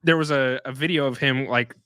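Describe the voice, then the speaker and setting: A man co-hosting a casual sports podcast, animated and blunt, swearing and laughing at his own slips. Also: mid-range voice, a little fast, clear, resonant tone, dry recording. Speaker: podcast co-host.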